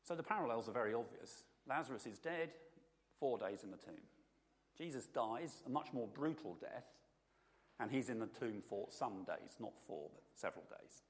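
A man's voice: mid-range voice, animated, normal speed, long reverb tail. A man giving an informal, conversational sermon to a congregation, often checking in with his listeners. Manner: conversational, asks the audience often. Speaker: preacher.

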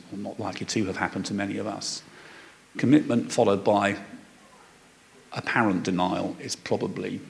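A man's voice: lowish voice, creaky. A man preaching a sermon in a conversational way, reading scripture and explaining it with frequent fillers and restarts. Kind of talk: sermon, Bible teaching.

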